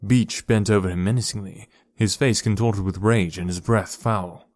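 A man's voice: lowish voice, dry recording. Man narrating an audiobook, dry sound. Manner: measured, expressive storytelling.

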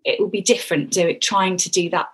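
Husky woman guest, kinda halting, laughing, restarting her sentences. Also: lowish voice, fairly even intonation. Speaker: guest author. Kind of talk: casual interview chat.

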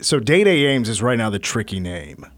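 A man co-hosting a casual sports radio show, laid-back and self-deprecating, often halting and restarting his sentences. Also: on the low side, very animated, a little hiss or hum. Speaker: sports radio co-host and stadium PA announcer. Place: radio studio.

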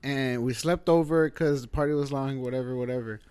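Man in casual chat, storyteller, profane, filler-heavy, mid pitch. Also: steady tone, fairly quick, mellow, smooth. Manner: loose, profane, filler-heavy, says bro a lot.

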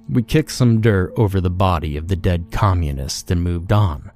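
Man, very low voice, scripted horror narration, grim, profane, faint background music. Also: normal speed, few pauses, a little mellow. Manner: grim, profane first-person storytelling.

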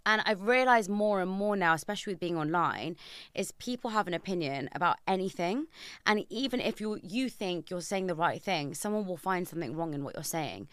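Animated young woman podcast host. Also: on the low side, a little fast, clear, resonant tone, dry recording, studio quality. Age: young adult. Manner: animated storyteller, rising to emphatic outrage. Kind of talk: conversational podcast interview.

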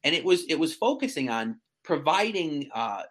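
A man in his thirties chatting casually as a guest, animated and self-mocking, often stumbling over restarts. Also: on the high side, moderate pace. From central New York. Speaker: guest, real estate agent. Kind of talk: casual chat.

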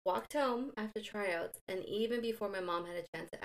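A woman's voice: mid-range voice, a little slow. A woman in her thirties chatting casually as a podcast co-host, telling her own stories and backing up her partner with short agreements. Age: 30s. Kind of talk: casual chat.

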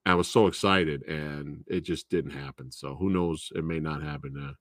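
A man hosting a casual movie review show, talking in an animated, profane and repetitive way and laughing often. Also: extremely low pitch, moderate pace, dry recording, studio quality.

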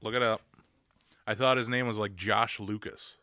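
A man in his thirties rants his way through a casual podcast chat, peppering everything with profanity and bursting into loud mock yells. His voice is bright and tense. The sound is dry and close. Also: on the low side, steady tone, moderate pace, no echo. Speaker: podcast co-host.

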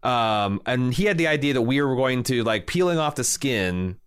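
Animated, swearing storyteller man. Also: medium pitch, normal speed, smooth. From Indiana, US. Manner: animated storyteller, swears freely, lots of fillers. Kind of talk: casual chat.

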